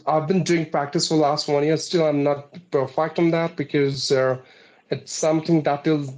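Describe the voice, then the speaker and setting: A man's voice: medium pitch, a little mellow, rough recording. A man earnestly explaining, point by point, how he learned to speak, as an interview guest. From India. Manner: earnest, explanatory, numbered tips. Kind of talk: interview answer.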